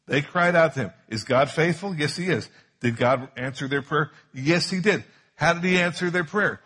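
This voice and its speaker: A man preaching a sermon with a husky, slightly breathy voice. He is emphatic and drives his points home by repeating key phrases. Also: on the high side, moderate pace, a bit bright. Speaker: pastor.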